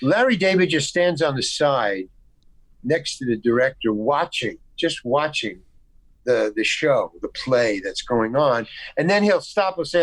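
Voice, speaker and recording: A man's voice: medium pitch, sing-song, measured pace, dry recording, poor audio. A man from the United States, a guest actor on a video call, telling a rambling anecdote with frequent restarts and stammers. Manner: acts out quoted dialogue in the story. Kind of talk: casual anecdote storytelling.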